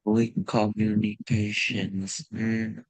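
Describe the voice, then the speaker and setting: An English learner answering a tutor in an online lesson, hesitant and halting in short broken phrases. The delivery is slow and the pitch is mid-range. The voice sounds dry and close, with little room echo. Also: flat delivery, husky.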